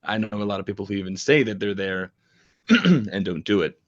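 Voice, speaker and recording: A man hosting an interview, thinking out loud in a searching, rambling way. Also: lowish voice, expressive, moderate pace. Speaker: podcast host. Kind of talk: interview conversation. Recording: dull lo-fi audio.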